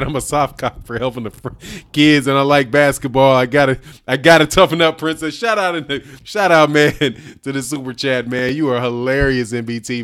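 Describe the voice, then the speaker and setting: A man's voice: medium pitch, a bit bright, clear, resonant tone. A man hosting a boxing livestream, chatting casually with his viewers in slang, laughing often and calling people "dog" and "man". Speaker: boxing channel host. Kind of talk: casual livestream chat reading super chats.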